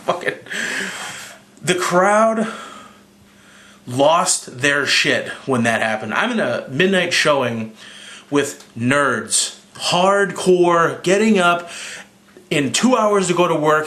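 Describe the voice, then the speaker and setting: A slightly drunk young man recapping a movie in a rambling, profane, excitable way. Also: on the high side, a little slow, reverberant, a little hiss or hum. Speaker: movie reviewer.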